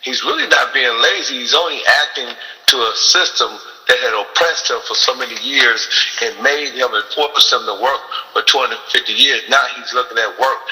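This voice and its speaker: Male host, AAVE, bright cutting voice, preachy rhetorical questions, reverby room. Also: mid-range voice, moderate pace. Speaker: podcast host. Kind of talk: casual political talk.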